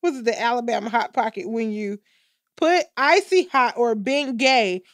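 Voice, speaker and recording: High-voiced exasperated woman podcast host. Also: moderate pace, fairly bright tone, dry recording, clean studio sound. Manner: exasperated, keeps saying she is done. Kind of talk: casual chat.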